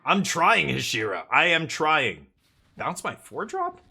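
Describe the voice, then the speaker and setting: Lively, bright-voiced male game streamer. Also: a little high, slow, vocal fry, breathy edge. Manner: excitable, chatty, jokey. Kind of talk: live game commentary.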